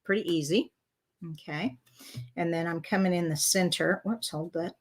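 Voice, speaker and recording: A woman's voice: fairly low pitch, normal speed. A woman chatting her way through a live card-making demo, talking to herself and viewers as she works, with frequent fillers. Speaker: craft demonstrator. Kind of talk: casual live crafting demo.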